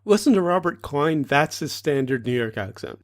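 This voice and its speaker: A man's voice: on the high side, big pitch swings, moderate pace. A man co-hosting a podcast, chatting casually with dry, wry remarks and short agreeing replies. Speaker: podcast co-host.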